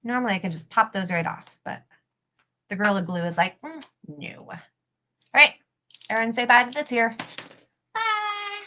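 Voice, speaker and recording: Her voice sits on the high side, brisk yet with long pauses and a sharp tone. She's a young adult cosplay prop maker hosting a casual craft live stream, chatting ramblingly with lots of fillers and the odd curse.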